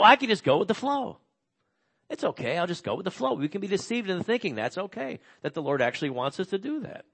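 Middle-aged man, pastor, sermon and Bible reading, earnest, slightly high voice, trails soft at phrase ends. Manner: earnest, slows and drops soft on key words.

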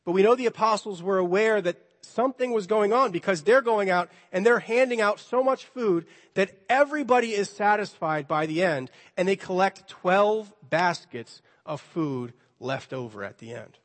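A man with a high voice preaches in a church sanctuary. His delivery is conversational and lightly playful, and he slips into the dialogue of the people in his story. The hall gives his voice a long reverb. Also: normal speed, hardly any pauses. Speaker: pastor. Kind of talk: sermon.

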